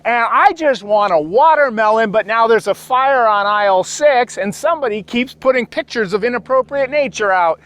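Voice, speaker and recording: A man's voice: animated, moderate pace, few pauses, fairly bright tone. A man doing a stand-up comedy routine, telling stories and acting out the people in them with sudden voices. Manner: acts out characters with sudden high-pitched voices.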